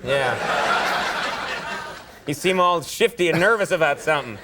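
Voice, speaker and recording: A man's voice: on the high side, animated, moderate pace, pushed and bright, a little hiss or hum. A male talk show host teasing his guest, often laughing.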